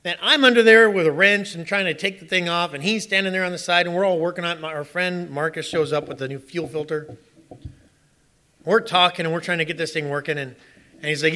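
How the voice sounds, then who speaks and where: Bright, lively man preaching a sermon. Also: high-pitched, quick pace. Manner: animated storytelling with rhetorical questions. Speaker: pastor.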